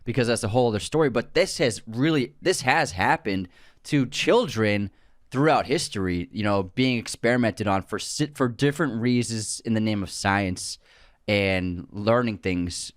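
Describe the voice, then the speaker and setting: A man's voice: lowish voice, moderate pace, no room sound, clean studio sound. A man co-hosting a podcast in casual chat, earnest and thinking aloud with frequent restarts. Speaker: podcast co-host.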